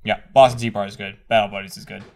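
A man co-hosting a casual podcast chat, tossing in quick quips. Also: lowish voice, fairly even intonation, gravelly, a little mellow. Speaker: podcast co-host.

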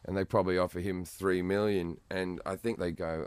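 A man's voice: deep voice, steady tone, moderate pace, hardly any pauses, clean tone, no echo. A man with an Australian accent, chatting as a comedian guest in an interview, blunt, profane and self-mocking. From Western Australia. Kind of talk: casual interview chat.

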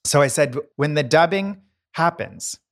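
A man's voice: a little high, animated, measured pace, creaky. A man co-hosting a podcast, chatting casually, telling anecdotes and playfully mimicking voices. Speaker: podcast co-host, decorator. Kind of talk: casual chat, storytelling.

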